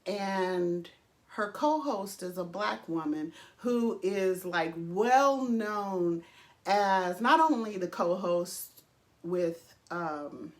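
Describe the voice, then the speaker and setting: A woman vlogger giving casual, emphatic opinion commentary, swearing freely and pausing often with fillers. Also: fairly low pitch. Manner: emphatic, profane, with frequent pauses and fillers.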